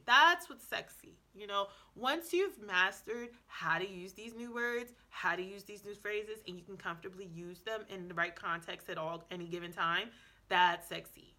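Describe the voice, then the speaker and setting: A woman talks straight to her viewers in a casual vlog, sassy and chatty, with quoted asides thrown in. Her voice sounds bright and clear, sitting at a middling pitch. She keeps restarting her sentences and filling gaps with ums. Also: moderate pace. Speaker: language-learning vlogger. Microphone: camera mic, indoors before a backdrop.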